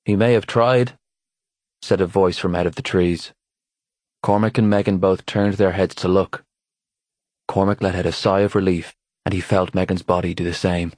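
A man narrating an audiobook in a steady, even storytelling voice on a close mic. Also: low-pitched, moderate pace, no echo. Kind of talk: scripted narration.

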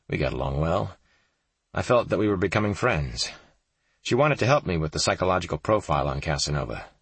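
A man narrating a thriller audiobook in a measured, grave manner, with a gravelly, husky voice. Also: deep voice, a bit bright, dry recording.

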